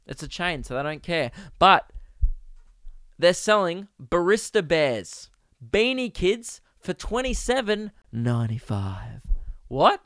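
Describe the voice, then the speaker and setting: A young Australian man hosting a podcast, ranting comically and exasperatedly, jumping into sudden high-pitched outbursts. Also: big pitch swings, takes it slowly, a bit bright, dry recording, studio quality. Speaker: podcast host. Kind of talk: comedic rant.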